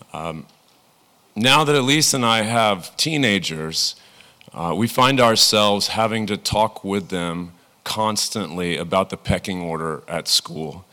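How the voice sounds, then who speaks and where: A man in his forties, a pastor preaching a sermon in a relaxed, self-deprecating way, his voice thick from a cold. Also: on the low side. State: has a cold, congested.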